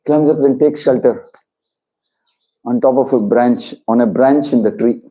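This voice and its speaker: A man's voice: mid-range voice, moderate pace, rough recording. A man, preaching to a congregation by telling a story and voicing its characters in turn. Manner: animated storyteller, voices characters in quotes. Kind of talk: storytelling sermon.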